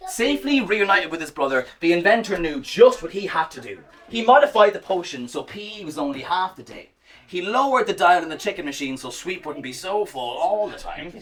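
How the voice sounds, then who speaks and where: A woman's voice: lowish voice, big pitch swings, fairly quick, far from the mic. Sing-song woman telling a children's story. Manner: warm, sing-song, directly addressing children. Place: home or school, live performance.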